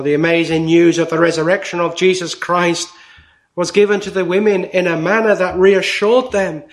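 A man preaching a sermon in a slow, deliberate way with emphatic pauses. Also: sits high, steady tone.

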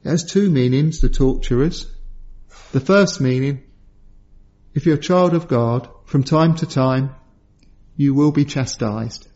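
A middle-aged man preaching a sermon, telling a personal story in earnest and lifting his voice high when he acts out quotes. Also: measured pace, long pauses, a little mellow, muffled recording.

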